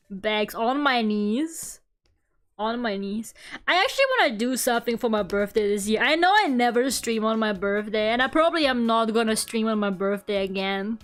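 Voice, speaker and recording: Woman streamer, fairly high voice, casual rambling chat, giggly, faint music behind. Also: a bit bright. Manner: rambling, heavy use of "like", giggly. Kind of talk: casual chat while drawing.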